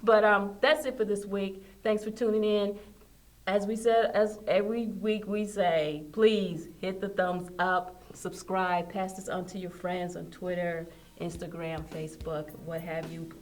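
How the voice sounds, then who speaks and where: A woman's voice: medium pitch, steady tone, a little slow. A woman hosting a casual pop culture chat show, talking in a chatty, enthusiastic way and laughing often. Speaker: host.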